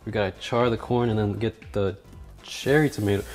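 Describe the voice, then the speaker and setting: Male cooking-vlog host, mid-pitched, wisecracking and self-deprecating, prone to sudden yells, light music bed. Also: moderate pace. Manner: joking, self-mocking, with loud startled outbursts. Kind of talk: casual cooking vlog narration.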